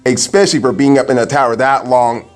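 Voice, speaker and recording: A man's voice: mid-range voice, fairly even intonation, fairly quick, music in the background. A man giving a crude, sarcastic review of a cartoon episode, swearing freely. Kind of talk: profane comedic review commentary.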